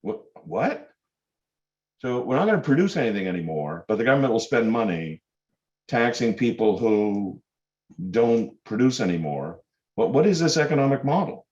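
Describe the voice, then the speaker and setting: A man's voice: mid-range voice, sing-song, normal speed, darkish tone. A man giving a public lecture to students, emphatic and full of sarcastic rhetorical questions. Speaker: guest lecturer. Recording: dull lo-fi lecture recording.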